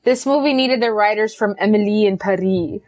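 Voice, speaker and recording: A woman's voice: medium pitch, moderate pace, a little mellow. A woman in her forties, a first-time podcast guest, joking and apologizing often. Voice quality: self-deprecating, jokey, apologetic. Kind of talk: casual podcast chat.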